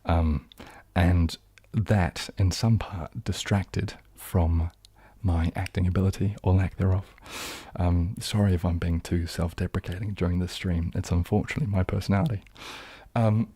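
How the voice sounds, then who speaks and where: A man's voice: low-pitched, fairly even intonation, moderate pace, warm tone, slightly rough, no echo. A young man from New Zealand with a New Zealand accent that leans southern English, chatting casually on a live stream, rambling and self-deprecating with many ums and restarts. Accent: New Zealand, leaning southern English. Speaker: ASMR streamer hosting a live chat.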